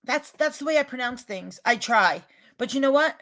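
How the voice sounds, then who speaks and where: A woman with a regional American accent, rambling and emphatic as she talks straight to her livestream chat, getting loud when she is upset. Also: sits high, animated, moderate pace. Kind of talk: casual chat, defensive and venting.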